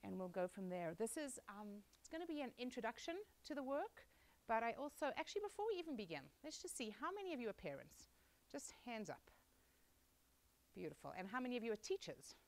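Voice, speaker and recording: A woman's voice: on the high side, sing-song, fairly quick, low-quality recording. Chatty woman with a mixed South African accent. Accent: mixed South African, Australian and American. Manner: warm, chatty, many ums. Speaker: guest speaker, teacher. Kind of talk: public talk to an audience.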